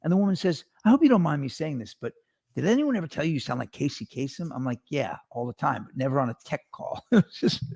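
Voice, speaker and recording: A male talk show host telling rambling, animated stories in a casual chat, with a radio-style voice. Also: fairly high pitch, quick pace, dry recording, clean studio sound. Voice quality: gravelly radio voice. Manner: rambling, animated storyteller with restarts.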